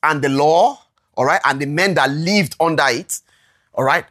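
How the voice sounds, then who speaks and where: A Bible teacher leading an interactive lesson, reading verses slowly and deliberately and constantly asking the congregation "all right?". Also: medium pitch, fairly bright tone. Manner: checks in constantly with "all right?" and asks the room questions; reads scripture slowly and deliberately.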